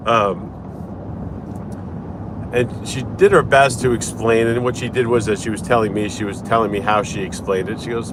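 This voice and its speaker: A man's voice: fairly low pitch, moderate pace, background noise. A man chatting casually in a morning vlog from his car, rambling through a story with lots of restarts. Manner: chatty, rambling, animated retelling with repeated restarts. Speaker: lawyer. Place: in a car while driving.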